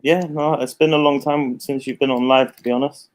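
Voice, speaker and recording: Relaxed man in casual chat. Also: mid-range voice, a little fast. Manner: relaxed, hesitant. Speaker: regular guest.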